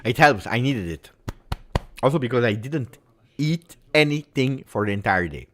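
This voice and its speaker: Male host, animated live football commentary with a very lively pitch. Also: moderate pace, slight background noise. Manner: excitable, swings from muttering to shouting.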